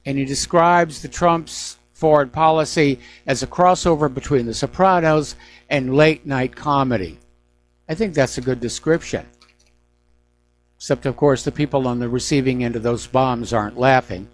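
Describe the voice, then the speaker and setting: A man's voice: medium pitch, moderate pace. A middle-aged man hosting a news talk radio show, giving emphatic, indignant opinions on the day's stories.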